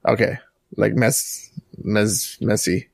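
A man from Canada co-hosting a casual chat, teasing his co-host in quick banter. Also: lowish voice, steady tone, vocal fry, dry recording. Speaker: podcast co-host.

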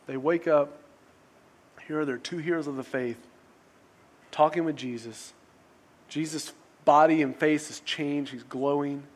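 A male pastor preaching a sermon in a casual, conversational way, often restarting phrases and asking rhetorical questions. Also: a little high.

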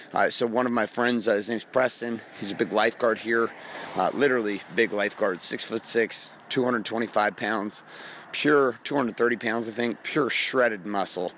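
A man hosting a motivational podcast, talking slowly and quietly to rest a strained voice, casual and profane, while walking down a street outdoors. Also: fairly low pitch, a little hiss or hum. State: strained voice, resting it. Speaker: podcast host and coach.

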